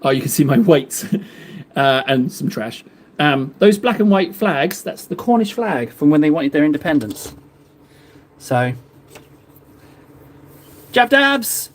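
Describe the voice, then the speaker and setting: A chatty, jokey man from Cornwall, talking casually to viewers while painting on a live stream. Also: fairly high pitch. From Cornwall, England.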